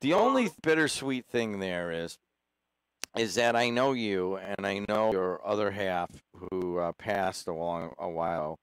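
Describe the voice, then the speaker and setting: This radio host's voice sits low and smooth, expressive and a little slow, with no echo. Over a studio mic he rambles through casual call-in chat, friendly and teasing with his callers.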